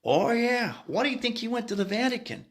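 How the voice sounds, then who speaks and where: In a comic monologue, a man plays a brash, street-talking South Sider with a thick Chicago accent. The voice sits high and bounces around, expressive and fairly quick, as he speaks bluntly with heavy slang and lots of "you know".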